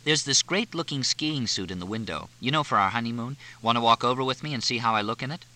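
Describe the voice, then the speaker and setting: Man playing a chatty hopeful bride-to-be, higher voice, bright and lively. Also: quick pace. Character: eager young bride-to-be, a little unsure.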